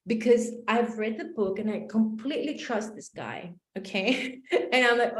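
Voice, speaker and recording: A woman life coach tells a personal story in a lively, expressive way, acting out each exchange. Her voice sits a little high and ranges widely. The room gives her voice a clear echo. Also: normal speed. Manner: animated storyteller acting out dialogue. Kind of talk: motivational storytelling talk.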